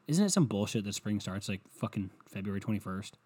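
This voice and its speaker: A man's voice: fairly low pitch, expressive, a little fast, few pauses, darkish tone, husky. A young adult man rambling and ranting at home, sarcastic and full of swearing, in a solo comedic monologue.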